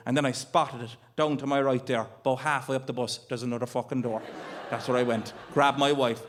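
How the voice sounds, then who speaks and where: Exasperated Irish comedian, swearing freely. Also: male voice, mid-range voice, steady tone, fast talker. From Ireland. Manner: exasperated, swearing, acts out his own panic. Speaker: stand-up comedian. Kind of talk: stand-up comedy storytelling. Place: comedy stage before a live audience.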